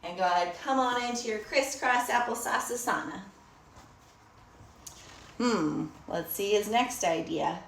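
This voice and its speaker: A woman's voice: medium pitch, unhurried, vocal fry, pauses often, fairly bright tone, echoey room, distant mic, a little hiss or hum. A woman teaching a storytime yoga lesson to children, encouraging them, asking them questions and praising them.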